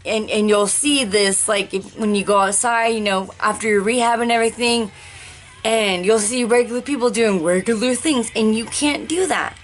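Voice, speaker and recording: A woman talking candidly in a personal vlog, rambling and searching for words with restarts and sighs, speaking slowly and deliberately. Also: fairly high pitch. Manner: slow, deliberate pacing. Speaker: vlogger sharing life after a stroke.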